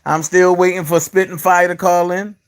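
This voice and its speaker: A man's voice: sits high, flat delivery, normal speed, clear, resonant tone. A man with hosting a live call-in stream, joking and boastful in casual chat.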